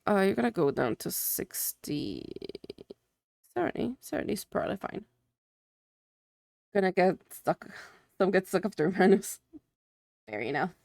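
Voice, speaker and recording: A woman's voice: on the low side, very animated, unhurried, creaky, pauses often, a little mellow, dry recording, studio quality. A young woman, a Spanish native speaker, chatting casually with her livestream viewers and filling her sentences with "like". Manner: chatty, many "like" fillers, answering chat.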